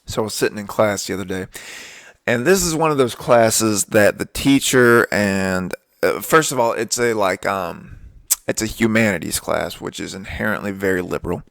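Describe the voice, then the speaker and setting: Gravelly low-voiced young man rambling. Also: moderate pace, a bit bright, no echo. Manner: profane, ranting, laid-back drawl. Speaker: podcast host. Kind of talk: casual storytelling monologue.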